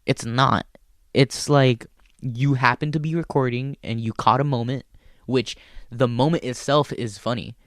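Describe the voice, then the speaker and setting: A man's voice: mid-range voice, unhurried, no echo, clean studio sound. Profane, rambling male comedian. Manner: profane, rambling, animated storyteller. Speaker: stand-up comedian and show host. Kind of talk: casual storytelling chat.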